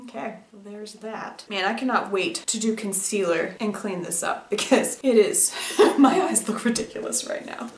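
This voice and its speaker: Woman, home beauty vlogger, slightly high voice, chatty and rambling, roomy echo. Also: slight background noise. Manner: chatty, rambling, quick to laugh. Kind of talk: casual makeup vlog chat. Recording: roomy echoey room.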